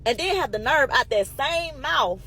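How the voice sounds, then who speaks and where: A woman telling a casual storytime monologue in an animated, emphatic way, swearing freely and calling her listeners y'all. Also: high voice, moderate pace, poor audio.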